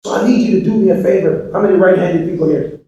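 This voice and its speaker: Preachy man booming in an echoey hall. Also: fast, distant mic. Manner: swings from shouted appeals to hushed, preachy lines, repeated rhetorical questions. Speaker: motivational speaker to students. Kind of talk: motivational speech to a live audience. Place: large echoey hall with an audience.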